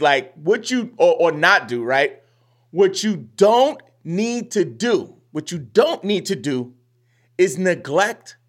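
Casual podcast host, young man, slangy and chatty, voice on the higher side. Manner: chatty, slangy, acts out listeners' reactions. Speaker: fantasy basketball podcast host.

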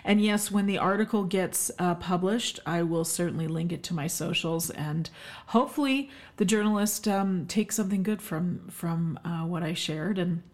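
Effusive middle-aged woman hosting a podcast. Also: on the low side. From Canada. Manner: warm, emphatic, effusive with frequent fillers. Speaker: podcast host, health expert. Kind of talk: solo podcast monologue.

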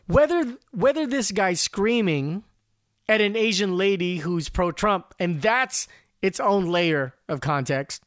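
A man's voice: sits high, a bit bright, no echo, clean studio sound. A man hosting a podcast, talking through commentary in a casual, rambling way, often repeating words as he starts. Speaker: podcast host.

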